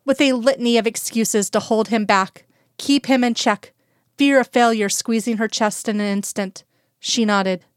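A woman narrating a fan-fiction audiobook in a steady, even storytelling manner. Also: on the high side, normal speed, clean tone, no room sound, clean studio sound.

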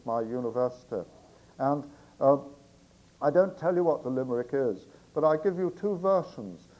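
British man, poet, chatty introductions, mellow voice, digressive. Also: mid-range voice, low-quality recording. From Britain. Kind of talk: poetry reading with spoken introductions.

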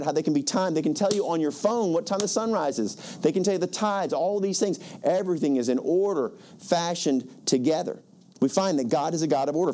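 A man in his fifties delivers a sermon in an emphatic preaching manner, often repeating himself for effect. His voice sits slightly high for a man, with a warm, mellow tone. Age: 50s. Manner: emphatic preaching, repeating "guess what?" and quoting scripture. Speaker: pastor.

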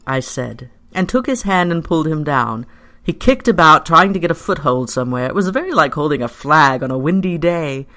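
Bright, expressive storyteller. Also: mid-range voice. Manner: measured, expressive first-person storytelling. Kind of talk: scripted narration of a story.

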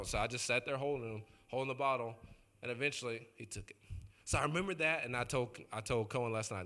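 A man's voice: medium pitch, fast, bright, forceful tone, faint music behind. A male pastor preaching in a loose, joking storytelling way, talking straight to the congregation. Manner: chatty, joking, addresses the congregation directly. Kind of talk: conversational sermon storytelling.

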